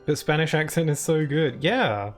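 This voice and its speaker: A man's voice: a little high, lively intonation, moderate pace, soft background music. A British man chatting casually while streaming a video game, laughing often and reading chat and on-screen text aloud. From United Kingdom.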